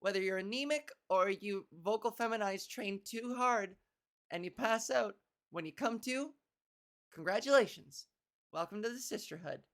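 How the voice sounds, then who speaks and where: A hoarse woman hosting a casual solo comedy podcast, rambling and profane, often clearing her throat and playing with the pitch of her voice. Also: normal speed. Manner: frequent coughs and throat clearing.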